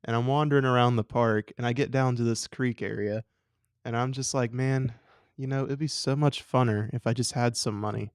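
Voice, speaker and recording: A young man co-hosting a talk show, animated and playful, acting out voices as he tells a story. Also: mid-range voice, normal speed, smooth, no echo, studio quality. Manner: acts out voices, laughs often. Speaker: radio show co-host. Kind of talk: casual chat, animated storytelling.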